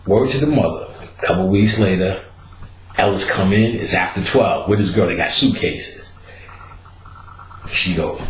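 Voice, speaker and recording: A man's voice: sits low, measured pace, long pauses, a little hiss or hum. A man telling a street story in a casual, profane, streetwise way, often laughing at his own tale. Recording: roomy echo.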